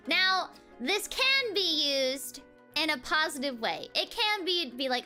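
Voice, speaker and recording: A young woman from the chats casually on a livestream. Her voice sits high and her pace is unhurried. She breaks into giggles between phrases. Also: sing-song, bright, forceful tone, soft background music. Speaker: streamer.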